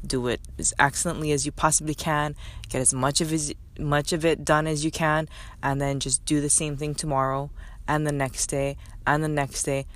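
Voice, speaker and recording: A woman's voice: deep voice, fairly bright tone, dry recording. Candid woman giving herself a pep talk. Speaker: podcast host. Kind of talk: solo motivational podcast talk.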